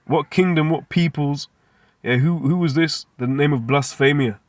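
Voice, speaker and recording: A man's voice: fairly high pitch, moderate pace, no room sound. Man teaching scripture with slang. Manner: rhetorical questions, streetwise slang. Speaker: Bible teacher.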